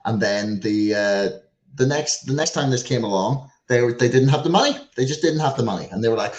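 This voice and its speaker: A man's voice: medium pitch, fairly quick. A man co-hosting a podcast, telling a story in rambling, profane casual talk full of "like" and "right". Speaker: podcast co-host. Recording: roomy echo.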